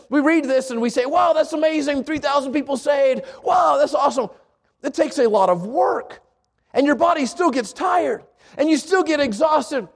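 High-voiced preacher giving an earnest sermon. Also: male voice. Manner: earnest, repeats words when restarting, rises to emphatic peaks. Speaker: pastor.

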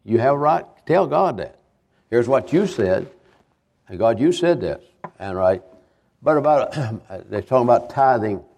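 An older man, a visiting evangelist giving a homespun sermon testimony, halting and repeating himself as he tells his stories. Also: mid-range voice, expressive, vocal fry, a little mellow, a little hiss or hum. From Kentucky, USA. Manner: halting, repetitive, homespun storytelling.

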